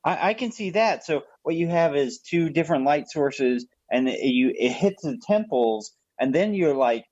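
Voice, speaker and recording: Man, podcast co-host, halting stumbling speech, husky voice, muffled lo-fi dry sound. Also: fairly high pitch, lively intonation, a little mellow, no echo. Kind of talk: casual chat.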